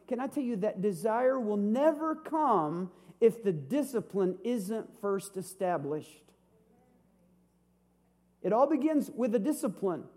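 A man in his fifties preaches with a notably high, bright voice. He keeps it lively, tossing out rhetorical questions and jokes as a pastor addressing his church. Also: measured pace. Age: 50s. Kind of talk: sermon.

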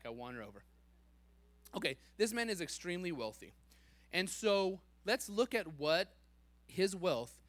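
A man giving a playful, animated sermon, joking with the congregation and laughing at himself. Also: a little high, dry recording. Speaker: preacher.

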